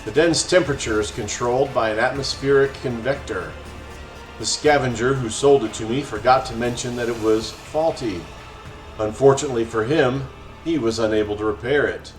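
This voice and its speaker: A man voicing a smug, lazy male serpent alien gang leader in a game, speaking slowly and mockingly. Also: mid-range voice, close to an everyday voice. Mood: indolent. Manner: slow, indolent and mocking. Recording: roomy echo, faint music.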